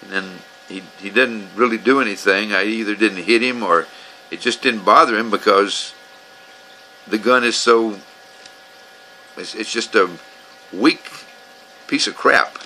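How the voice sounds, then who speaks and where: A man's voice: on the low side, a little slow, long pauses, pushed and bright, slight background noise, poor audio. A man telling his grievances in a rambling, profane, aggrieved way, as casual storytelling. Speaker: vlogger telling his own complaints.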